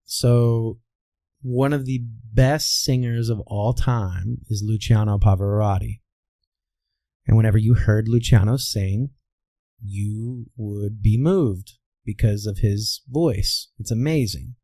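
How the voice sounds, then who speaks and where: Kansas guy who coaches voices, warm low-key tone, keeps saying all right while he tells stories. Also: slow pace, no echo. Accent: Midwestern American, softened. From Kansas, USA. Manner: explains with anecdotes, says "all right" often. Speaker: voice coach guest. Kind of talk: conversational interview.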